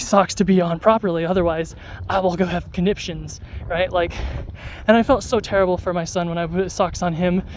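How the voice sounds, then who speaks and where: Adult vlogger just chatting on a walk, rambly, um and uh a lot, mid pitch, bit of outdoor noise. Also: darkish tone. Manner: rambling, many fillers and restarts. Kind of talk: casual vlog talk to camera.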